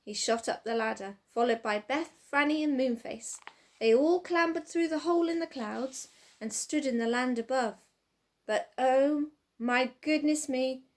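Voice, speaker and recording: A woman reading a children's storybook aloud with expressive, sing-song narration. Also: sits high.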